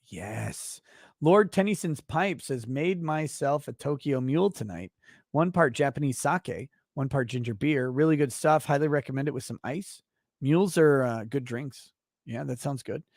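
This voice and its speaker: A man's voice: medium pitch, expressive, moderate pace, darkish tone, no echo, studio quality. A man hosting a casual livestream, reading viewer messages aloud and giving blunt, profane, offhand replies. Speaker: livestream host.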